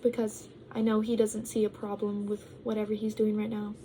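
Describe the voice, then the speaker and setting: A woman's voice: mid-range voice, completely flat delivery, brisk, warm tone, a little hiss or hum, poor audio. A young woman talking casually to her vlog audience, rambling with lots of ums and likes, sometimes while eating. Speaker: vlogger.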